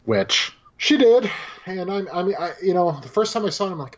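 A man co-hosting a casual film podcast, talking with animated energy, swearing freely and acting out lines from scenes. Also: a little high, moderate pace, husky, highs cut off. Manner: animated, swears, acts out quotes. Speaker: podcast co-host.

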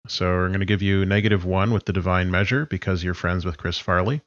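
A low-voiced man runs a tabletop game, explaining rules in a calm, matter-of-fact way. The sound is dry and a bit dull, as on a modest home microphone. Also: quick pace, no echo. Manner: relaxed, explains rules plainly. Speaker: game master.

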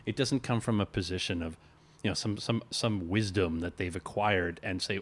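A man's voice: low voice, normal speed. A man in casual podcast chat, dropping dry quips and short replies. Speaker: podcast host.

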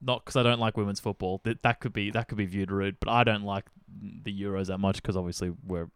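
Podcast guy chatting footy, smooth clear voice, jokey, swears a bit, dry close sound. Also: lowish voice, fairly even intonation, fast talker, dry recording. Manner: jokey, swears, laughs a lot. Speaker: podcast co-host. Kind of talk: casual chat.

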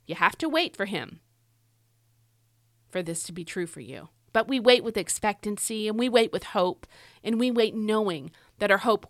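A woman's voice: mid-range voice, no room sound. Woman, middle-aged, devotional teaching, earnest, encouraging, dry close recording. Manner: earnest and encouraging, rising with emphasis, slows for reading scripture. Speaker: devotional podcast host.

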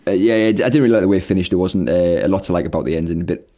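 Wry low-voiced man. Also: warm tone. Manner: wry, dry jokes, halting with fillers. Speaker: podcast co-host. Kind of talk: casual chat.

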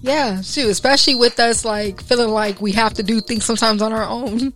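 A woman's voice: fairly high pitch, fairly even intonation, normal speed, a bit bright. Upbeat woman podcast co-host. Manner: playful, laughing, addresses listeners as y'all. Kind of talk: casual podcast chat. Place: studio with echoing mic feedback.

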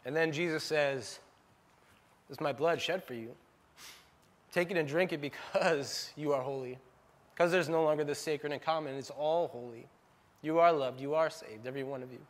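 Man, pastor, fairly high voice, heartfelt and earnest sermon. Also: normal speed, long pauses. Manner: emotional, earnest storytelling with laughs.

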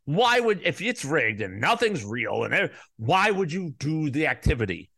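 A man hosting a podcast, ranting in a profane, heated monologue that jumps to loud peaks. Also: a little high, very animated, moderate pace, gravelly, no echo, clean studio sound. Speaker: podcast host.

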